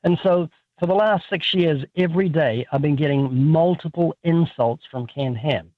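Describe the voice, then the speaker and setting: A man with a New Zealand accent, a guest author telling lively, joking stories in a radio interview over the phone. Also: fairly high pitch, normal speed, no room sound. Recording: tinny phone line.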